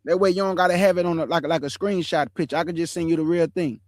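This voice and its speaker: A man hosting an online show, chatting casually about scripture in relaxed slang and calling his viewers family. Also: a little high, quick pace, no room sound. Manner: laughs often while telling stories. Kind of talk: casual livestream chat on scripture.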